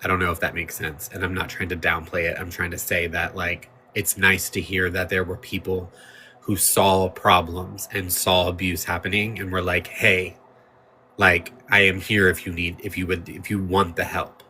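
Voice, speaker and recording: A livestream host talks loosely and ramblingly over a clip that's playing, thanking his viewers as he goes. His low voice barely shifts in pitch and sounds pushed and bright at a moderate pace, with slight background noise.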